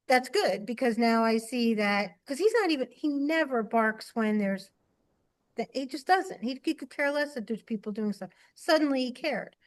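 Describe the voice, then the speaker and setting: Hesitant woman talking with her trainer. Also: a little high. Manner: hesitant, trailing off with fillers. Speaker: dog handler in training. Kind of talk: casual chat with a coach.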